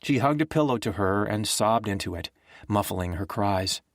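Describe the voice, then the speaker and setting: A man narrating a thriller audiobook in a steady, measured way. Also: lowish voice, dry recording, studio quality. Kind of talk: scripted narration.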